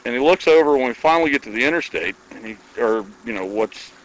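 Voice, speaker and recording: A man's voice: medium pitch, lively intonation, quick pace, highs cut off. Iowa guy telling a crazy story, folksy, does all the dialogue himself, regular mid voice. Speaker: guest storyteller. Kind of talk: casual anecdote telling.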